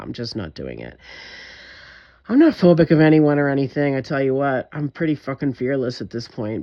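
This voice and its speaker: A woman's voice: a bass voice, darkish tone, lo-fi sound. A woman vlogger in a direct-to-camera monologue, talking in an intense, emphatic way, frustrated and swearing often.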